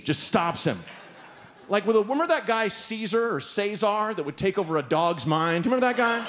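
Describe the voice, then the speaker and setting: Lively-pitched man telling a stand-up story. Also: fairly quick, noisy background. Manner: animated, acts out characters with big voice jumps. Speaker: stand-up comedian. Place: live stage before an audience.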